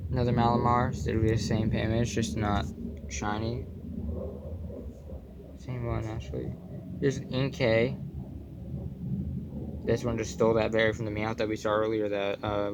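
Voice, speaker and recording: A man's voice: mid-range voice, dull audio, background noise. A young man casually commenting on his card collection, slipping goofy puns and mumbled asides in between.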